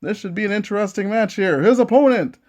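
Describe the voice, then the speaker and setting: A man's voice: high-pitched, lively intonation, fast, a little mellow. A man hosting a tabletop wrestling game, giving eager play-by-play commentary and repeating each move as he calls it.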